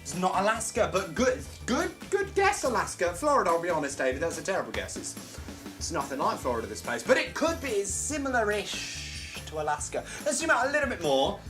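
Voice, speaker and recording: Man, live comedy show host, playful, self-mocking, animated pitch, quiet music underneath. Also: a little fast. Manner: playful, self-mocking, animated, jokes at his own expense. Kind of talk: live-streamed chat reading viewer comments.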